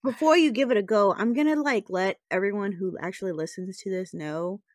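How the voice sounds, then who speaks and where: A woman's voice: mid-range voice, a little fast, dry recording, clean studio sound. A woman playing a tabletop game, joking and urging the game master on. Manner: playful, insistent. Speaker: player. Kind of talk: tabletop role-play banter.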